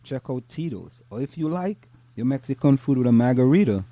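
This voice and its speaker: A man reads local news stories aloud and breaks into teasing banter with his co-host. His voice is dark and mellow, recorded close and dry with no room sound. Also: mid-range voice, animated, dry recording. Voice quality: joking, teasing, halting restarts.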